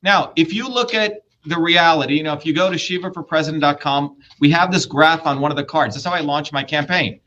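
Blunt, bright-voiced man lecturing hard. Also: a little high, brisk, hardly any pauses, lo-fi sound. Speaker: political candidate. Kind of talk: heated political debate.

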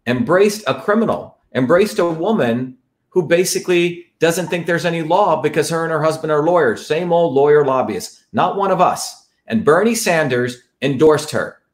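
A man from India gives a fiery political monologue as the host of his show. He hammers his points home by repeating them, rallying his listeners. His voice sits somewhat high for a man. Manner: emphatic, repetitive, rallying.

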